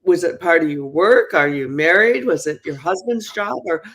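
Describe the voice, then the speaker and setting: A woman's voice: lowish voice, expressive, normal speed. A woman hosting an interview, asking curious questions and tripping over her words a little. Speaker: host.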